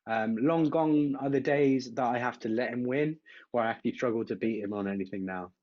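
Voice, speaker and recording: A man's voice: medium pitch, brisk. Chatty West Country man, slightly dull sound. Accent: West Country English. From Southwest England. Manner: chatty, laughs often, trails off with ums. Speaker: guest drummer. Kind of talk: casual video call chat.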